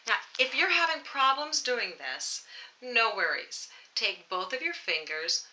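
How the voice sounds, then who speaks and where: A woman voice teacher guides viewers through warm-up exercises, speaking close to her camera. Her voice is very bright and lively, swinging up and down in pitch as she coaches with a playful, encouraging manner. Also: a little slow, a little hiss or hum, poor audio. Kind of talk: vocal warm-up lesson to camera. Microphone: camera mic, close framing.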